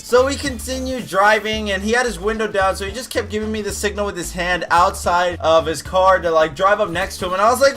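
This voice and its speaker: A man's voice: high voice, fairly quick, hardly any pauses, faint music behind. A young man casually telling a profane story and acting out the other people in it. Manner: animated, profane, acts out other drivers. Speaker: gaming video creator.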